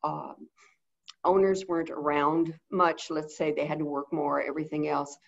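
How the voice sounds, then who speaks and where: A woman in a casual webinar talk, telling stories and cooing soft praise as she quotes herself talking to animals. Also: low voice, flat delivery, moderate pace, creaky, muffled recording. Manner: chatty storytelling, coos softly when quoting praise to animals. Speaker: animal behavior consultant.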